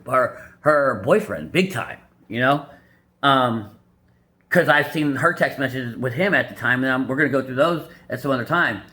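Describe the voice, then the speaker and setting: A man giving blunt, crude dating advice over clips, mocking the people in them with squeaky put-on voices. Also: fairly bright tone. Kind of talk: casual reaction commentary.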